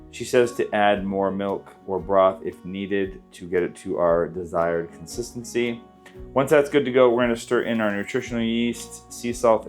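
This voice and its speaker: A man hosting a casual cooking video, walking through a recipe in his home kitchen in an easygoing, chatty way. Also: lowish voice. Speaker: cooking channel host.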